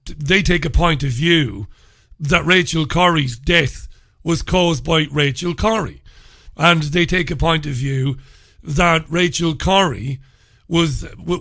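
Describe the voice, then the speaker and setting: Middle-aged Irish male radio host, sarcastic solo rant, bright forceful tone, dry close studio sound. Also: a little high, no echo. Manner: sarcastic, ranting, mock questions. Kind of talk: solo talk radio commentary.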